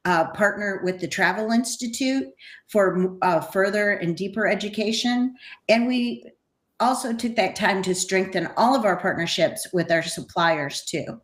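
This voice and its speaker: A middle-aged woman who owns a travel host agency, talking eagerly in an interview and laughing easily. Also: medium pitch. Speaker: host agency owner and CEO. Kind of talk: webinar interview. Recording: echoey room.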